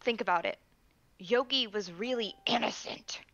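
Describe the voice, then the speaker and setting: A woman reading the lines of a haunted young male prosecutor aloud while playing a game, in a somber, halting way. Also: fairly high pitch, muffled recording, noisy background, close to an everyday voice.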